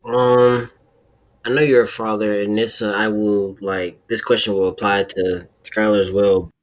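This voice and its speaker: A young man asking his father a question in a halting way. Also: on the low side, little pitch movement.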